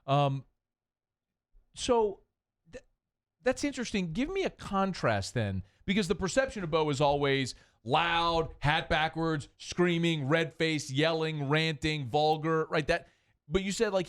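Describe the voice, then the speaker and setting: A man hosting a sports talk radio show in the studio, talking in an animated, emphatic way with rambling asides. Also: on the high side, moderate pace, clean tone.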